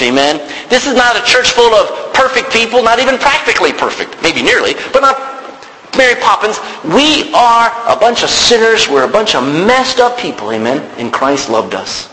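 A male preacher with a high, bright voice that swings widely as he drives his points home and calls out for an "amen." He speaks in a church, with a long reverb and faint background noise behind him. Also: big pitch swings, normal speed. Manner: emphatic, call-and-response. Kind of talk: sermon.

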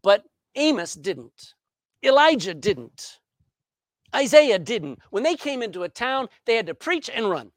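Preaching man with a lively, dry voice. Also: very high-pitched, measured pace, no room sound. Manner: preaching, shifting between loud emphasis and hushed asides. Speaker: pastor. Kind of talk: sermon. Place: church sanctuary.

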